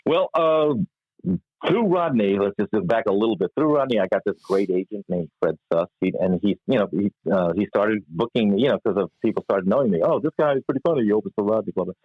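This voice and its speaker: An older comedian, a man with a low voice, tells career stories with big swings in pitch, jumping into the voices of the people he quotes. The sound is dry and a bit muffled, like a remote call. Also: a little fast, no echo. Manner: animated storyteller acting out quoted voices. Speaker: guest comedian and musician. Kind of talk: storytelling in an interview.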